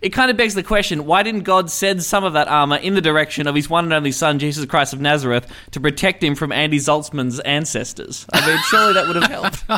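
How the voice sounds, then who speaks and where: A man's voice: a little high, fast, few pauses, pushed and bright, a little hiss or hum. A man hosting a comedy podcast, delivering punchy, sardonic riffs. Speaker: host. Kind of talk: comic podcast monologue.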